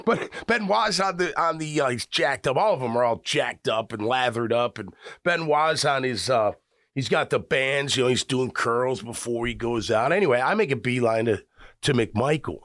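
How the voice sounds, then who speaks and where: A man's voice: medium pitch, normal speed, no echo, clean studio sound. A middle-aged man from the Chicago area telling a rambling story on sports radio, full of restarts. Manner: rambling, animated, frequent restarts. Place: radio studio.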